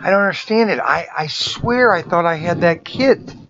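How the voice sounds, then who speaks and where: A man's voice: sits high, animated, moderate pace, creaky, fairly bright tone. A man who runs a toy shop, muttering and sighing to himself in frustration as he talks casually to the camera. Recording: dull lo-fi sound with background noise.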